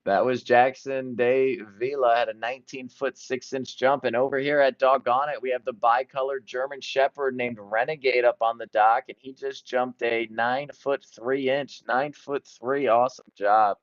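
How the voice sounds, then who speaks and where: Male commentator, excited live play-by-play, mid-pitched, dry and dull lo-fi sound. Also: moderate pace, hardly any pauses, no echo. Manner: excited, jumping between events. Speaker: sports commentator.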